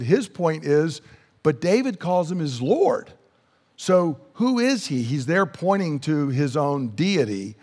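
A man's voice: a little high, a little mellow, long reverb tail. A man preaching a sermon, explaining scripture in an earnest teaching manner. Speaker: pastor.

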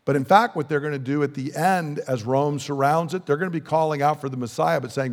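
A man's voice: a little high, fairly quick, few pauses. Emphatic preacher man in a reverberant hall. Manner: emphatic, asks the listeners questions. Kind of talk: sermon.

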